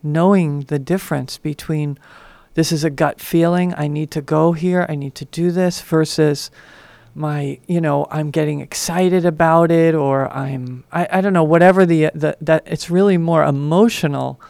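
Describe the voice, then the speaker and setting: A woman's voice: sits low, steady tone, moderate pace, gravelly, a little mellow, no room sound. A woman co-hosting a radio talk show, sharing personal reflections in casual spiritual talk from a radio studio.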